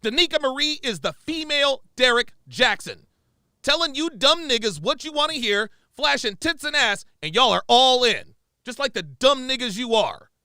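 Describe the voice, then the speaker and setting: A man's voice: extremely high pitch, expressive, moderate pace, sharp tone, smooth, no room sound, studio quality. A man giving profane, exasperated reaction commentary, repeating his points with emphasis.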